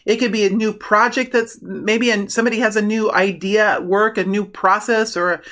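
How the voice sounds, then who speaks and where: A woman giving a casual tarot reading, animated and prone to excited bursts, often restarting her sentences. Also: medium pitch, moderate pace. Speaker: tarot reader.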